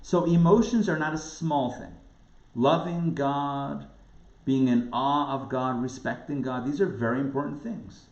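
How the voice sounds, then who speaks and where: A man, a rabbi, giving a lively lecture, asking rhetorical questions and acting out quoted voices. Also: medium pitch, a little slow. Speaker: rabbi teaching a class. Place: recorded live class. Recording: roomy, dull lo-fi sound.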